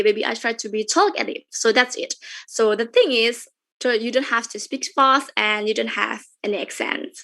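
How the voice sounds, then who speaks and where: A woman's voice: a little high, creaky, a bit bright. A young woman from Indonesia with an Indonesian accent, giving a chatty, informal webinar talk full of fillers and repeated phrases. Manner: chatty, repetitive, with frequent fillers. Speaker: webinar speaker.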